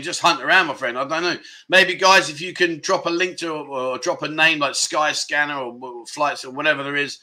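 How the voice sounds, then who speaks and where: A man's voice: a little high, sharp tone. A man hosting a casual livestream chat show from his phone, rambling and reading out viewer comments. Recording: live stream from a mobile phone.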